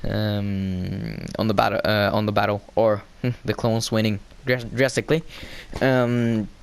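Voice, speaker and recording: A man with a low, gravelly, clean-toned voice casually recaps an episode of a show. He hesitates often, filling pauses with "uh" and "um" and correcting himself, and grows excitable while retelling the scenes.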